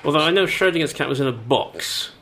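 Jasny głos radiowego prowadzącego. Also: male voice, fairly high pitch, expressive, fast, pushed and bright, a little hiss or hum. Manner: playful, rambling, hesitant with fillers. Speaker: radio co-host. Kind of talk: casual on-air chat.

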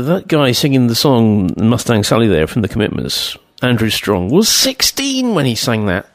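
Male radio host, casual rambling chat, self-deprecating, mid pitch, dry close sound. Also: no echo.

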